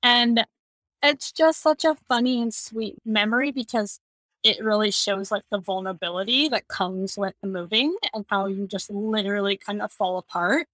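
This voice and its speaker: A woman guest on a podcast who tells a story in an animated way and laughs as she talks. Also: medium pitch, moderate pace, dry recording. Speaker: podcast guest, communications manager. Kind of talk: conversational storytelling.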